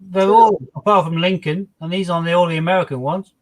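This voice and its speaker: High-voiced man talking through quiz answers. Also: steady tone, brisk. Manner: explains his reasoning with false starts. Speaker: quiz player. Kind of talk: casual chat during a quiz game.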